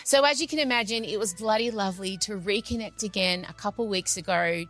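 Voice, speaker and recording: A woman's voice: medium pitch, brisk, hardly any pauses, fairly bright tone, faint music behind. A woman hosting a podcast, talking in a gushing, effusive, fan-like way. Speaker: podcast host. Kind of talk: casual chat and recorded intro.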